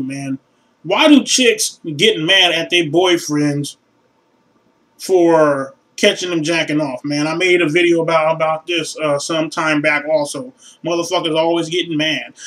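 A young man vlogging a profane, animated rant to camera, loud and crude, sometimes mocking others in a shrill falsetto. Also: distant mic, poor audio.

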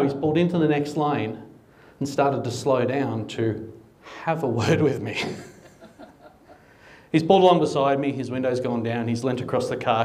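A man's voice: medium pitch, darkish tone. A middle-aged Australian man doing stand-up comedy, telling dry, conversational anecdotes with comic timing. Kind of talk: stand-up storytelling.

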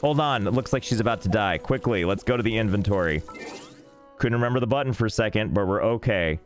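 A young man casually streaming a game, rambling and joking in deadpan asides. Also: on the low side, quick pace. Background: faint game music.

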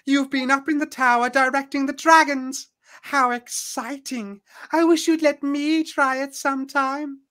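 Man putting on a shrill teasing sorceress. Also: fairly even intonation, sharp tone, exaggerated voice. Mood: mocking. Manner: shrill, slow, teasing sing-song. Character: scheming nosy female sorceress.

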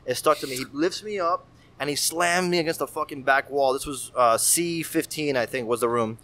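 A man in his thirties, a guest on a casual podcast, telling stories in an animated, profane, slangy way. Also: medium pitch, a little fast. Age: 30s. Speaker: guest artist.

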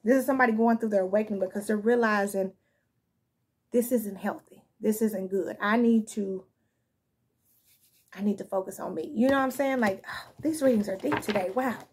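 A woman's voice: medium pitch, moderate pace, pauses often, darkish tone, breathy edge. A woman giving a casual spoken tarot reading, talking frankly and conversationally and often asking "you know what I'm saying.". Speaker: tarot reader.

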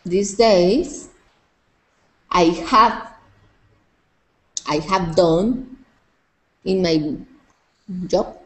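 A Spanish-speaking woman learning English, hesitant, with many pauses and fillers. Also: lowish voice, rough recording. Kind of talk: halting learner speech.

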